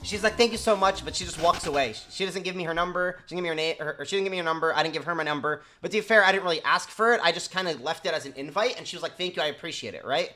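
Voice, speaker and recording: A young man with a slightly high, sharp-toned voice tells his stream a casual story over soft background music. He talks fast, loaded with slang and swearing, and imitates the voices of the people he quotes. He keeps repeating "you know what I'm saying."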